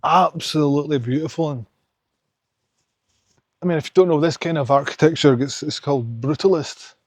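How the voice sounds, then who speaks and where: A young man with a Scottish accent rambles and gives his opinions while hiking through the mountains. His voice sits a little high for a man, and the sound is dry and close, with no echo. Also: normal speed, darkish tone. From Scotland. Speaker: hiking vlogger. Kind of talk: casual vlog chat on a walk. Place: outdoors in mountains.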